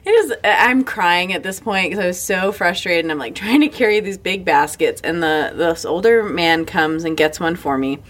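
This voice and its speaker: Frank, laughing woman, a little low. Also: animated, moderate pace, hardly any pauses, fairly bright tone. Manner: candid, swears freely, laughs often. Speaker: podcast co-host. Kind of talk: casual chat.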